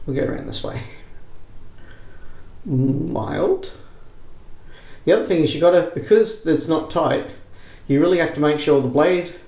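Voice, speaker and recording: A man's voice: fairly high pitch, creaky, darkish tone, roomy sound, poor audio. A man hosting a casual shaving demonstration, rambling with jokey self-mocking asides. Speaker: shaving video host.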